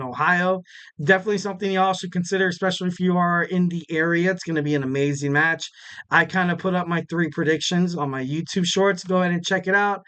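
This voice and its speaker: A man's voice: on the high side, a bit bright, clean tone. A young man hosting a podcast, recapping wrestling in a casual, rambling way with lots of fillers, self-corrections and jokes at his own expense. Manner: jokey, laughs at himself. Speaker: podcast host.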